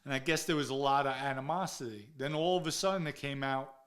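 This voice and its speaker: A man's voice: medium pitch, fast talker, fairly bright tone. A man, telling stories from his own past in a blunt, profane, casual way and acting out the dialogue. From New York area. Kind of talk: casual first-person storytelling.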